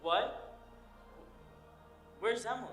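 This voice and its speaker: A teenage boy playing a nervous young groom in a high school stage play. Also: slow pace, a bit bright, faint music behind. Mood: cheerful. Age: teens. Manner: anxious, earnest. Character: nervous young groom on his wedding day. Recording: echoey auditorium stage.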